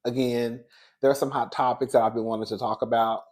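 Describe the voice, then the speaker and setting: A man's voice: medium pitch, a little fast. Man spilling celebrity gossip, chatty, calls everyone girl. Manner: chatty, animated, calls listeners "girl" and "baby". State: out of breath. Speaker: commentary host. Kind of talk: casual gossip commentary.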